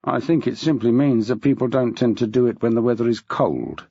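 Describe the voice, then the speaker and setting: A man voicing a dry, measured male police detective. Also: medium pitch, gravelly, mellow, slightly rough, no echo. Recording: dull, dry.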